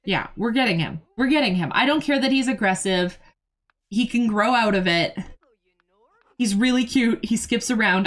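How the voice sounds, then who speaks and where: A young woman streams a game in a loose, excitable running commentary, cursing freely as she talks to her chat and to the characters on screen. Her voice sits at an ordinary middle pitch. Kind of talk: casual gameplay commentary.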